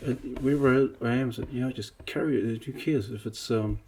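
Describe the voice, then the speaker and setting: A man's voice: mid-range voice, fairly quick, slight background noise. A man from Samoa, a preacher and artist, telling stories in a casual podcast chat and acting out the other people in them. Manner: animated, acts out quotes, many restarts.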